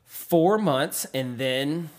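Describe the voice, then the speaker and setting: A man's voice: fairly high pitch, drawn-out words, darkish tone. A man from Texas, telling stories in a casual, rambling way with lots of fillers, livening up when he quotes others. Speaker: guest artist. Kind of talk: casual storytelling.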